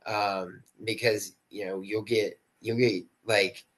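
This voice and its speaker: A man's voice: fairly low pitch, little pitch movement, takes it slowly, a bit bright, rough recording. A man, an actor guest on a podcast, talking in a laid-back, slangy way with lots of "dude" and "like.". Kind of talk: casual interview chat.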